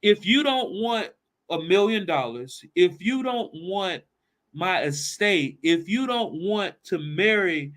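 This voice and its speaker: A boastful old farmer shouts his offers in a high, excited voice, as a man puts him on. He stammers and exclaims as his pitch climbs. He sounds blustery and proud. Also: slow pace, exaggerated voice.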